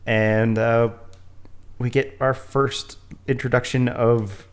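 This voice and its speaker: A man's voice: mid-range voice, flat delivery, takes it slowly, smooth. Meet a male podcast host chatting casually about a film. He rambles along and pokes fun at himself, laughing often. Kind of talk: casual movie commentary chat.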